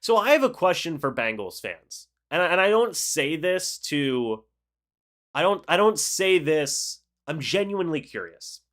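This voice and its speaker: A young man hosting a live football reaction stream, calling the plays and chatting with viewers in an excitable, talkative way. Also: a little high, unhurried. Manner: excitable, chatty, reads chat aloud and calls plays. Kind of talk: live game reaction with play-by-play and chat replies.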